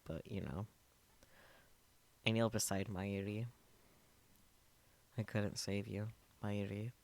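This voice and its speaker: Low voiced streamer guy reading a visual novel out loud, quiet and subdued, dry little asides.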